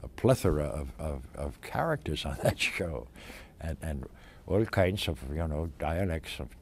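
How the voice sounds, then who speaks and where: An older man, an actor, reminiscing in an interview in a halting way, with many fillers and restarts. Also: extremely low pitch, gravelly, husky. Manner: halting, many fillers and restarts, animated when stressing points.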